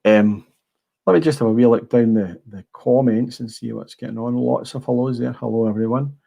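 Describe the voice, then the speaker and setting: Gravelly Scottish man, dark voice. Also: mid-range voice, steady tone, normal speed. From Scotland. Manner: blunt, swears, rambling with restarts. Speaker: livestream host. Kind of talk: casual livestream chat. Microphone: small clip-on mic.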